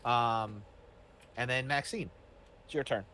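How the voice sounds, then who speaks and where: Male game master, casual and rambling, mid-pitched, faint noise behind. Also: slow pace, pushed and bright. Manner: casual, many fillers and restarts. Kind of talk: running a tabletop game.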